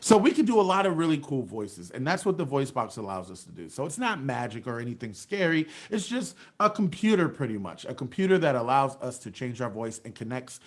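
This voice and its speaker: This children's storyteller and music teacher narrates in a sing-song manner, posing questions to the kids and praising them, through a large microphone and voice box. His mid-range voice swings widely in pitch, running fairly quick with hardly any pauses.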